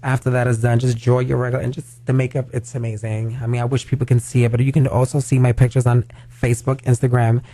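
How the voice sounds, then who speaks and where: Brief: male drag queen guest in a radio studio, mellow timbre, dry sound, rambling and chatty. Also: medium pitch, little pitch movement, fast talker, few pauses, dry recording. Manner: chatty, heavy on "like" fillers. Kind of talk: casual radio interview chat.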